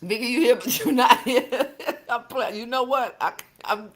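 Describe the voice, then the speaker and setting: Hosting a casual stream, a woman laughs a lot as she playfully teases her way through viewer comments. Her voice is a little high and a bit bright, and her pace is moderate.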